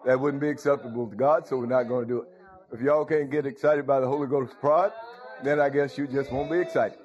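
Older man, pastor, folksy sermon with "huh?" asides, mid-pitched, dull lo-fi sound. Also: steady tone, a little fast. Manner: call-and-response, frequent "huh?" and "thank you, Lord". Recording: dull lo-fi recording.

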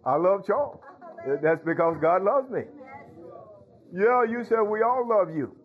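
A man's voice: high voice, animated, a little slow, phone-quality sound. A man preaching as a pastor, calling out to his congregation with frequent hallelujahs. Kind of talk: sermon.

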